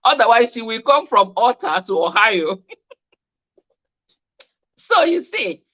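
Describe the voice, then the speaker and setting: A woman's voice: on the high side, very animated, slow, fairly bright tone, lo-fi sound. A woman hosting a live stream, reading out viewers' comments in a chatty, teasing way and laughing often. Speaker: host of a live weight-management Q&A.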